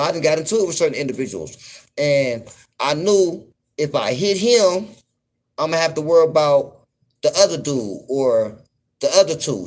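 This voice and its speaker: A man from the US West Coast talking casually on a livestream, slow and laid-back, constantly saying "you know what I'm saying". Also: fairly high pitch, a little mellow. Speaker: livestream host.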